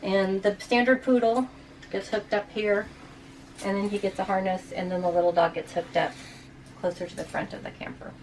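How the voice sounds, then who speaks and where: A woman's voice: medium pitch, fairly even intonation, moderate pace, far from the mic, rough recording. A chatty woman walks through her motorhome for a vlog, explaining features as she shows them. She sits a little away from the mic, and faint ambient noise runs underneath. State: out of breath. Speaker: RV vlogger. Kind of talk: casual walkthrough of a motorhome.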